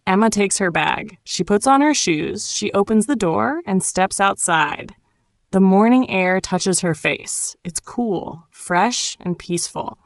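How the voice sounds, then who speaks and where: A woman teaching an English lesson, narrating a simple story and gently coaching learners to repeat words, with warm encouragement. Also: medium pitch, no echo. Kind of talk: slow ESL lesson narration.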